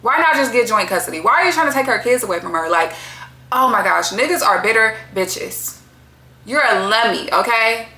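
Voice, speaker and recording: A woman's voice: fairly high pitch, animated, moderate pace, sharp tone, roomy sound. A woman hosting a casual reality-TV recap, talking bluntly with lots of profanity and strong opinions. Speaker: TV recap host.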